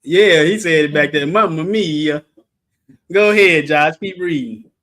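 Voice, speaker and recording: A man leading an animated Bible study, preaching with shouted exclamations and joking asides. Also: a little high, measured pace. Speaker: Bible teacher.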